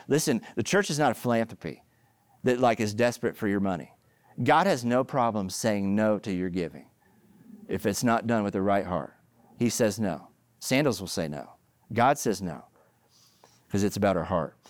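Preaching at a normal speed with a lowish voice, this middle-aged man tells sermon stories emphatically and with animation, building to loud peaks. There's no room sound.

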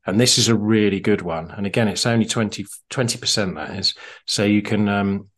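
Male podcast co-host, lowish voice, loose and keen, filler-heavy chat. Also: fairly quick, a bit bright. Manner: chatty, enthusiastic, lots of fillers. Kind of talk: casual drinks podcast chat.

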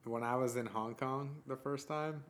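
A man hosting a relaxed conversation, speaking loosely with lots of "dude" and "like.". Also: mid-range voice, normal speed. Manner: laid-back slang with many fillers like "dude" and "like". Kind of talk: casual conversation.

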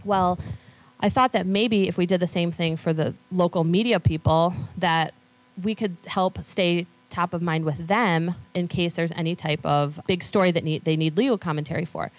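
Woman, conference talk, lowish pitch, dry close sound, chatty storyteller, acts out quotes. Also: steady tone, moderate pace, no room sound. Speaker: conference speaker on law firm marketing. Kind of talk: conference talk with audience questions. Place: conference room.

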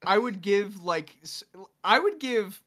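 A man's voice: high voice, animated, slow pace, bright, forceful tone. Jokey man doing silly voices. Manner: jokey, slips into comic voices, swears. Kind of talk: casual chat.

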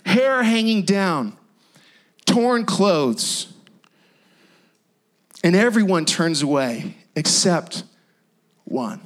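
A male pastor preaching a sermon in an emphatic, repetitive style with dramatic pauses. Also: high voice, lively intonation.

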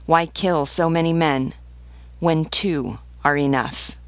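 A woman's voice: deep voice, steady tone, slow pace, dry recording. A woman voicing a stern male revolutionary priest who pleads earnestly with besieged men, in an audiobook reading. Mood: pleading.

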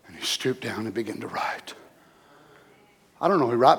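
A man preaching a sermon, dropping to low murmurs and rising to loud shouts. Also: expressive, normal speed.

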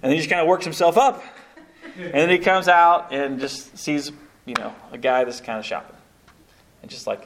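Man, high voice, church training talk, storytelling, chatty asides. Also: normal speed. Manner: storytelling, animated, many asides like "you know, kind of thing". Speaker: evangelism trainer. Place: church meeting room with a live audience.

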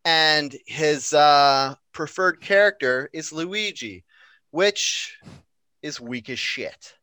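A man co-hosting a casual podcast, joking and quick to laugh. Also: a little high, sharp tone, clean tone, no room sound. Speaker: podcast co-host.

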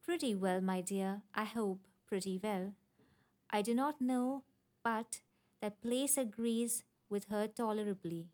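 A woman's voice: mid-range voice, slow, a little mellow, lightly acted. Fretful elderly father in a storybook, plaintive, read by a woman.

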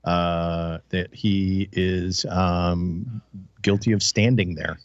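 A man's voice: low voice, fairly even intonation, very slow, no room sound. A man talking on a casual talk show in a dry, sarcastic way, hesitant with many fillers. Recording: dry, muffled lo-fi sound.

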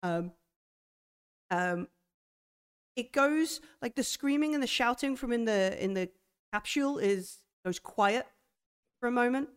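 Hesitant woman game master, smooth voice. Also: fairly high pitch, animated, measured pace, pauses often. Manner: hesitant, many fillers and restarts. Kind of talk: narrating a tabletop horror game.

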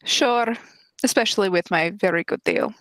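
A woman playing in a tabletop game, excitable and quick to exclaim. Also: medium pitch, no room sound. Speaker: player.

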